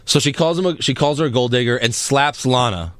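A man co-hosting a podcast, casually recapping a wrestling show with animated, mocking storytelling. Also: mid-range voice, a little fast, dry recording. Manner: animated storytelling, laughs often, mocking quotes.

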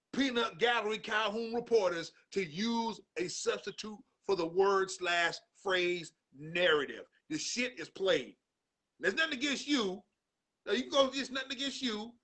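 A man hosting a podcast, on a loud, profane comedic sports rant full of slang, breaking into shouts. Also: high-pitched. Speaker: podcast host.

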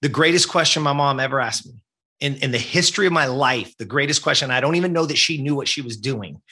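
A man in his fifties tells a personal story as a guest. His voice is forceful and bright with a husky edge, and he speaks earnestly and emphatically. He keeps checking in with his listeners, asking "right?". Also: mid-range voice, quick pace. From Southern California. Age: 50s.

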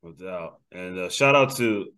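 Male host, lowish voice, upbeat, laughs easily, casual chat. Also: animated, a little slow, clear, resonant tone. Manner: upbeat, laughs easily, gives shout-outs. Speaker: podcast host.

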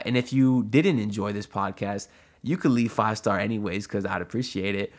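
A man hosting his own audio sports podcast, talking loosely and chattily with lots of asides and "uh"s. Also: fairly low pitch. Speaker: solo sports podcast host. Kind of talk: casual podcast commentary. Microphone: audio-only podcast mic.

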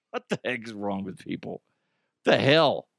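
A man's voice: lowish voice, expressive, unhurried, creaky, fairly bright tone, dry recording, clean studio sound. A man hosting a podcast in casual comic chat, joking and slipping into silly put-on voices. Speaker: podcast host.

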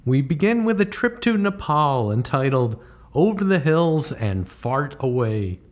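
A man's voice: fairly high pitch, big pitch swings, measured pace, a little hiss or hum. Wisecracking man narrating comic travel tales. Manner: dry, wisecracking delivery. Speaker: comedy writer telling travel stories.

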